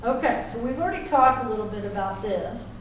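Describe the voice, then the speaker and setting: Lady teacher chatting w her class, kinda high voice, really echoey far-off room. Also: expressive, fairly quick, slight background noise. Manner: chatty, folksy, checks in with "okay?" often. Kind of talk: classroom lecture.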